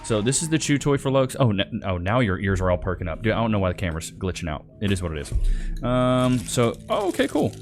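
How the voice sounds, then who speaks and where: Male host, lower voice, relaxed slangy chat, soft music under him. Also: brisk. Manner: laid-back, chatty, slangy, talks to his dog. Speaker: host reacting to clips. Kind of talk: casual commentary.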